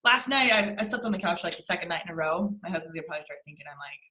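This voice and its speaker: A woman's voice: on the low side, animated, very fast, pushed and bright, reverberant, poor audio. A young adult woman leading a motivational team call on a video call, speaking emphatically and repeating lines for stress. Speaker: team leader.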